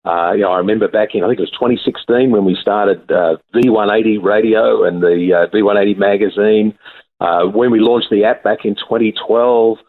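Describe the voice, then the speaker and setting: Man, dry deadpan humor, low voice, phone-line audio, radio call-in. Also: fairly quick. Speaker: CEO calling in.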